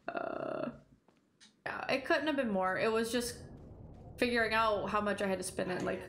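A woman's voice: medium pitch, normal speed, gravelly, long pauses, a bit bright, reverberant, slight background noise. A young woman streaming a horror game, chatting with viewers and shrieking at the scares. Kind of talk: live game commentary.

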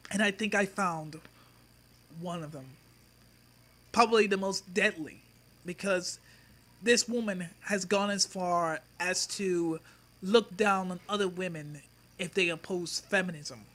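Man, high-pitched, slow, mocking vlog rant, sneering, insulting. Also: fairly bright tone. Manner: sneering, insulting, drawn-out pauses. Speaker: YouTube commentator. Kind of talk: mocking response-video rant.

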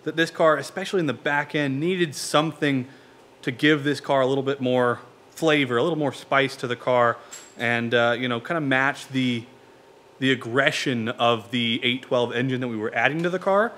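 A man hosting a car build vlog, talking in a relaxed, conversational way with frequent fillers. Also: medium pitch, normal speed. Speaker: car build channel host. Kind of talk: casual build vlog narration.

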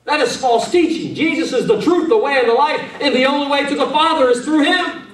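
High-pitched preaching pastor in an echoey church. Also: male voice, lively intonation, fairly quick. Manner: fervent preaching, calls out to the church. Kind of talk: sermon. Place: church sanctuary. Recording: echoey church room, mic at a distance.

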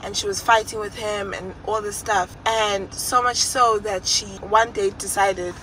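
A woman's voice: mid-range voice, steady tone, unhurried, bright, forceful tone, a little hiss or hum, poor audio. A young woman telling a personal story in a storytime vlog, speaking candidly and emotionally. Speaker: vlogger.

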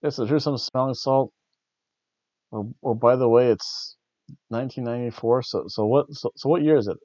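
A man's voice: medium pitch, normal speed, a little mellow, no echo, muffled recording. A man hosting a wrestling review show, rambling in casual chat with wry, jokey asides. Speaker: wrestling review podcast host.

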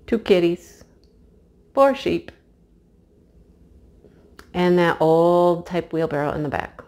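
Slow-talking gushing woman vlogger. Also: fairly low pitch, darkish tone. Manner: gushing, slow and chatty, talks to viewers. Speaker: craft vlogger. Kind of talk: casual unboxing chat.

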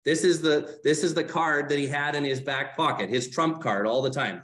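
A man's voice: fairly high pitch, normal speed, hardly any pauses. A man leading a Bible study, explaining the text in a conversational way, often asking the group questions and correcting himself as he goes. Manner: fillers and self-corrections while explaining. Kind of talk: casual teaching talk.

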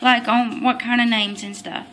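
A woman's voice: on the high side, level tone, moderate pace, background noise. A young adult woman vlogging in a casual, chatty way about baby names, often apologizing and getting tongue-tied. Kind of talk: casual baby-name vlog.

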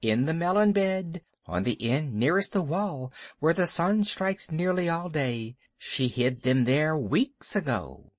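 A man voicing an excitable, boastful little male tailorbird in a high sing-song voice. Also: slow, hardly any pauses, dry recording. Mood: chirpy.

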